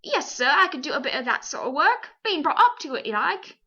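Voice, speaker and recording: A woman's voice: sits high, very animated, a little fast, bright, forceful tone, lo-fi sound, heavily acted. A woman voicing a humble, plain-spoken male London cabman who talks in a bashful, homely way in a storybook reading. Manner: homely, bashful, folksy speech.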